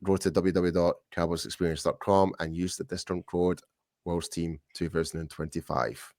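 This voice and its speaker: A man from the UK with a low voice chats through a sports podcast, looping back and restarting his sentences as he goes. The recording sounds dry and close. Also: fairly even intonation, moderate pace, darkish tone, no echo. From United Kingdom. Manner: rambling, many restarts and fillers. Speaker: podcast co-host. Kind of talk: casual sports podcast chat.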